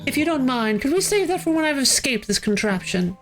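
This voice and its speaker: A woman voicing a smooth-talking male rogue locked in a cage, wry and evasive. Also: high-pitched, very animated, a little fast, soft background music. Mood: coaxing. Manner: suave, wry, mock-modest.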